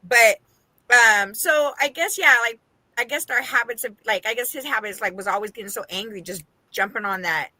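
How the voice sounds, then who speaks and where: A middle-aged woman from the Las Vegas area co-hosts a podcast, chatting casually and acting out what people said in animated quoted voices. She laughs often, speaks at a moderate pace with a fairly high pitch, and the recording has no room sound.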